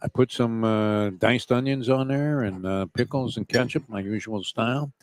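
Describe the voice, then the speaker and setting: A man's voice: mid-range voice, normal speed. A man telling a casual story, rambling and hesitant with many fillers. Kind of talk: casual chat.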